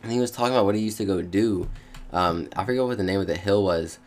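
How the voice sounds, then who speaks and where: A young man with a very deep voice talks straight to his viewers in a relaxed, meandering way. His speech is slangy and full of fillers, restarts and self-corrections. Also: fast, soft background music. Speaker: vlogger. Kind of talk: casual rambling monologue.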